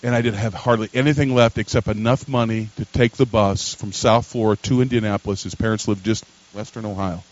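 A pastor, telling a story in a sermon and building to loud emphatic preaching. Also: male voice, lowish voice, steady tone, a little fast, hardly any pauses, dull audio.

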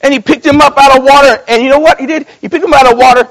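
Male pastor, strikingly high pitch, folksy storyteller who builds to loud exhortation. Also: fairly even intonation, rapid-fire, low-quality recording. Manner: repeats and restarts phrases. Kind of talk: sermon.

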